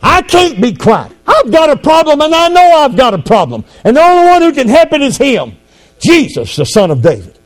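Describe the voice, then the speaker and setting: A man preaching, acting out a desperate blind male beggar who pleads loudly for mercy. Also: very high-pitched, sing-song, a little fast, pitched above the performer's own voice. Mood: pleading.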